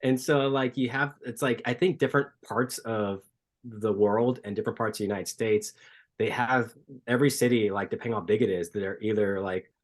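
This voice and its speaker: A man's voice: fairly low pitch, normal speed. A man from Southern California who is a running coach, telling casual stories packed with "like" and acting out other people's greetings. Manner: animated storyteller, heavy use of "like", acts out greetings. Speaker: podcast guest, running coach. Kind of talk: casual chat.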